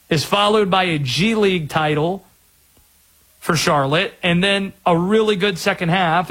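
Male sports talk host from North Carolina, higher voice, a little husky, emphatic. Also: fairly bright tone. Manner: conversational, emphatic, drawn-out phrasing. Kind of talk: sports talk radio monologue.

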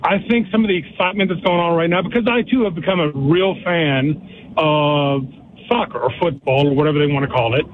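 A man's voice: fairly high pitch, a little fast, slight background noise. An older man calling in to a sports radio show, earnest and eager, repeating himself as he talks. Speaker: caller. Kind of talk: phone-in call. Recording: tinny phone line.

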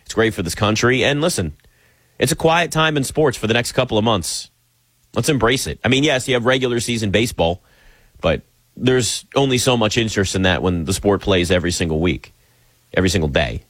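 A man from the United States hosting an opinionated sports talk segment, animated and sarcastic as he rants. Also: on the low side, fairly quick, dry recording. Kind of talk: opinionated sports commentary monologue.

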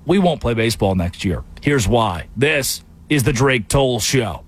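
A man hosting a sports talk show, talking in an animated, playful way and repeating words as he revs up. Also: mid-range voice, measured pace, very noisy. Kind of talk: sports talk radio commentary.

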